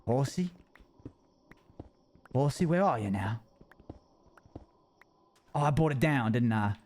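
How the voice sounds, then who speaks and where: A man rambles to himself in a folksy, rustic drawl, staying in character as he plays a survival game. His pitch sits in an ordinary middle range, and he breaks into chuckles often. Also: expressive, slow, a little mellow, slight background noise. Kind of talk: in-character role-play narration.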